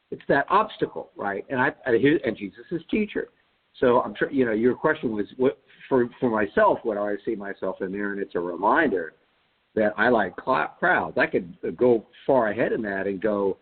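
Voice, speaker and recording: A man's voice: lowish voice, animated, normal speed, husky. A man on a Bible study call-in who thinks aloud and often restarts his sentences. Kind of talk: reflective casual discussion. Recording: tinny phone line.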